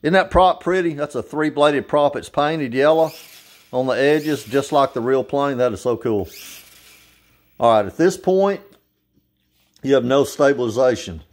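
An older man talks through a hands-on demonstration at home in a relaxed, folksy way. His voice sits at an ordinary middle pitch, and he speaks plainly as he explains each step in turn. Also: unhurried, pauses often. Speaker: hobbyist demonstrating a model plane. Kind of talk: casual how-to demonstration.

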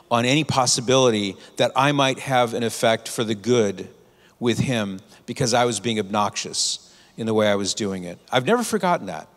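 Earnest man speaking in a big hall. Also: mid-range voice. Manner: storytelling, earnest advice. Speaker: conference speaker. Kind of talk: conference talk. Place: conference hall.

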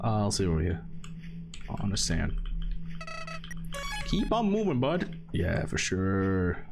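A man streaming a video game, reacting excitably, repeating phrases and swearing. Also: low-pitched, slow pace, vocal fry, background noise. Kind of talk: live gameplay commentary.

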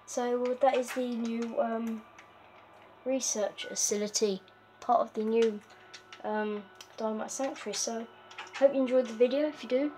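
A chatty woman gives casual game commentary with a slightly high voice. She giggles often and scolds her pet in a friendly way. A faint hiss sits under her voice. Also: steady tone, moderate pace, warm tone. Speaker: gaming video host.

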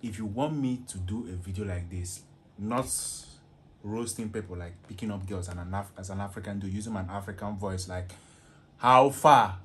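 A man with a fairly low voice opens his reaction video in a loose, slangy, conversational way. A faint hiss of noise runs under him. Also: brisk. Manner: relaxed, chatty, slangy. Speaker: reaction YouTuber. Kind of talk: casual video intro.

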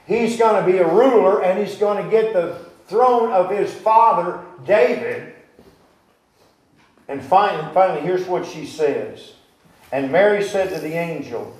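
Male preacher with a higher-pitched voice, heard from far off in a reverberant church, quizzing his flock. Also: animated, measured pace, a little mellow. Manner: questions the congregation directly; retells scripture in plain, folksy words. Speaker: pastor. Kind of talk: sermon. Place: church sanctuary. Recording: echoey church recording from afar.

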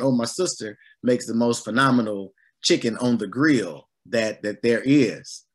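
A male preacher gives a sermon in a loose, conversational style. He tells everyday stories and acts out lively voices with plenty of humor. His voice sits at a middle pitch. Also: a little slow, hardly any pauses, husky. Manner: animated and conversational, acting out lively quoted voices.

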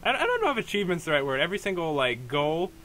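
A young man commenting on his game in a bright, slightly raised voice, rambling and restarting his sentences with plenty of ums. Faint background noise sits under the recording. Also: fairly high pitch, big pitch swings, rapid-fire. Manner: rambling, hesitant, many fillers and restarts. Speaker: let's play host. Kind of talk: casual gameplay commentary.

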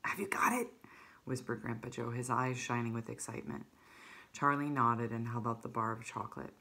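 A woman's voice: extremely low pitch, level tone, a little fast, creaky, pushed and bright. A woman teacher reading a children's novel aloud to her students, talking casually with many fillers.

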